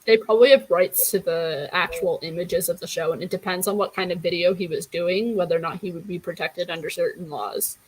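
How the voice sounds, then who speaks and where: A woman's voice: fairly low pitch, fairly even intonation, brisk, hardly any pauses, darkish tone, low-quality recording. A woman in her early twenties chatting casually about books, blunt and wry in her opinions. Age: 20s. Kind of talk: casual chat.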